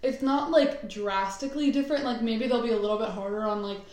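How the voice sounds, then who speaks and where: Teen girl host, giggly and loose, slightly high, echoey room. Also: quick pace, a little mellow. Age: teens. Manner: giggly, loose questions with fillers. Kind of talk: casual chat.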